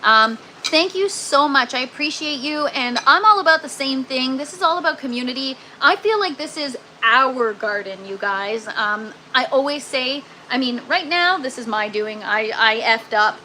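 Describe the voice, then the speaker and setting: A woman's voice: high-pitched, normal speed, hardly any pauses, sharp tone, slight background noise, rough recording. A woman hosting a casual gardening live stream from an indoor grow tent, chatting with viewers and using lots of ums and "you guys.".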